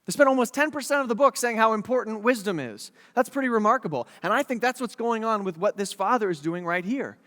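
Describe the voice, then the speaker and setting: Animated, high-voiced male pastor. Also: fast, hardly any pauses, in a large hall. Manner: animated, jokey, acts out quotes. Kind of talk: sermon.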